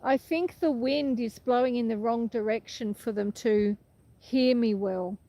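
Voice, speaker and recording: A woman's voice: a little high, unhurried, rough recording. A woman hosting a casual livestream outdoors on a farm. She chats to viewers and answers their comments while walking, and her voice is cracking. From Australia. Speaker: livestream host. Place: outdoors on a windy rural farm paddock. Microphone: handheld phone. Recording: outdoor phone recording with loud wind noise.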